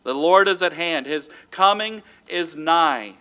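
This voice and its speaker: A pastor preaches a sermon in a slightly high, slow, pushed and bright voice, reading scripture aloud and breaking it into numbered points. He calls out "amen?" to the congregation.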